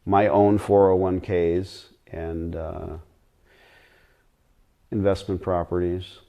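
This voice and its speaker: A man's voice: sits low, flat delivery, slow, creaky, muffled recording. A middle-aged man chatting bluntly and ramblingly as a guest on a live stream Q&A.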